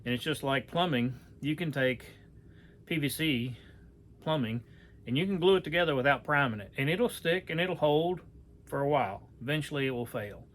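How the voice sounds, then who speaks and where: A man's voice: fairly high pitch, lively intonation, normal speed, a bit bright. A man giving a casual hands-on demonstration, talking in a folksy, rambling way with many fillers and self-corrections. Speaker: archery how-to presenter.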